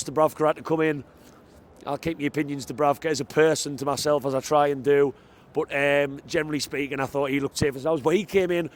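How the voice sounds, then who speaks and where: Outside near a football stadium after a match, a man films a fan reaction vlog, speaking into a handheld mic with excitable, chatty emphasis. His voice sits on the high side.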